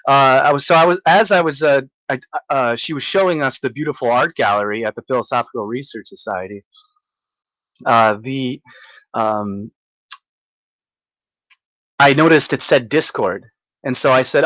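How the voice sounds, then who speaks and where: A man telling a rambling, excitable story in a casual vlog, stumbling over restarts and fillers as he marvels at things. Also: medium pitch, no echo, low-quality recording. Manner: halting, many restarts and fillers. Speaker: vlogger recounting a visit.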